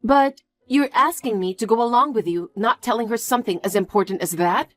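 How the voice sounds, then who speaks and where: A woman's voice: fairly high pitch, a little fast, lightly acted. A woman voicing an earnest young engaged woman who pleads and questions in scripted story dialogue. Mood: pleading. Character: young woman engaged, hurt but firm.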